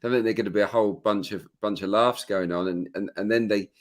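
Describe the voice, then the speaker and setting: A man's voice: lowish voice, fairly even intonation, fast. A man chatting as a football pundit on a podcast, thinking aloud and repeating words as he goes. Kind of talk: casual chat.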